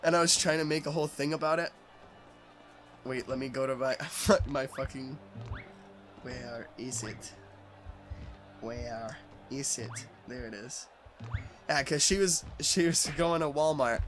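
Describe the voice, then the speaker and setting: A man's voice: fairly high pitch, moderate pace, fairly bright tone, soft background music. A young man hosting a let's play, rambling and swearing in casual chat and laughing at his own jokes.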